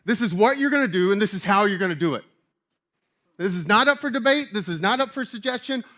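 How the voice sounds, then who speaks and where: A man voicing a stern apostle who scolds his listeners like a mother, loud and commanding. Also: sits high, expressive, fast, voice pushed up. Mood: scolding.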